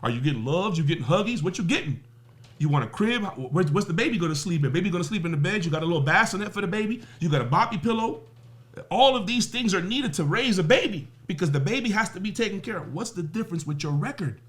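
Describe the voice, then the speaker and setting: A man with a high, expressive, fairly bright voice talks fast as a guest on a podcast about the music business. He's emphatic and profane, firing off rhetorical questions and everyday analogies in interview-style talk.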